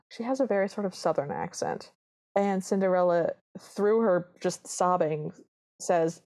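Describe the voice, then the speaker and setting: A woman's voice: mid-range voice, fairly even intonation, normal speed, darkish tone. A woman co-hosting a podcast, chatting casually as she retells a film scene by scene and acts out the characters' lines. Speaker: podcast co-host.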